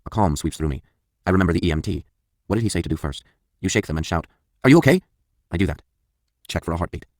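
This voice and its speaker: A man with a very deep voice narrates a first-person memoir audiobook at a rapid clip. His delivery is blunt and confessional, and he swears freely. The recording is dry and close, with no room sound. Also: a little mellow, no echo.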